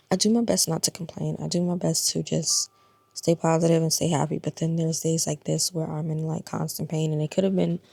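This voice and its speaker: A worn-out woman in her thirties speaks to her vlog viewers in a low, gravelly voice. She sounds tired and confiding and drops at times into a breathy whisper. Her pitch barely moves, and the sound is close and dry. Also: a little mellow, no room sound. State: exhausted and in pain. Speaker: vlogger. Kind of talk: casual personal vlog talk.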